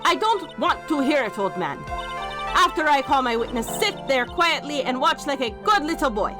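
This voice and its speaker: A woman's voice: sits high, big pitch swings, normal speed, pitched above the performer's own voice. Woman putting on a haughty young prosecutor. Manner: haughty, attempted foreign accent. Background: game music.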